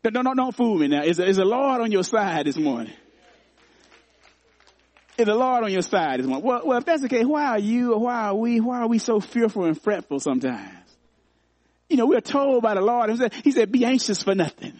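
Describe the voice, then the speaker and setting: A high-voiced man delivers a sermon, circling back to key phrases again and again in a rhythmic preaching cadence. The sound is dry and close, with little room echo. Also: sing-song, brisk, a little mellow. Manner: repeats phrases for emphasis, rhythmic call to the congregation. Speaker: pastor. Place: church.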